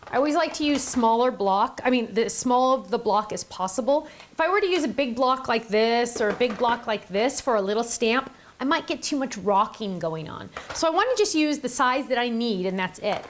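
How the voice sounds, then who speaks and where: A woman's voice: fairly high pitch, expressive, normal speed, hardly any pauses, a little hiss or hum. A middle-aged woman hosting a card-making tutorial, chatty and enthusiastic, gushing over her supplies. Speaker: craft video host.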